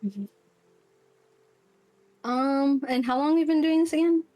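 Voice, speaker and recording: A woman's voice: high voice, unhurried, dark tone. A woman playing her character in a casual tabletop game, rambling with lots of fillers and laughing easily. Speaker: player. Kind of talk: casual tabletop role-play.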